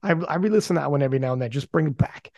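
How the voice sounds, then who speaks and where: A man hosting a podcast in casual chat, animated and swearing often, restarting his sentences. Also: on the high side, rapid-fire, no echo. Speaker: podcast host.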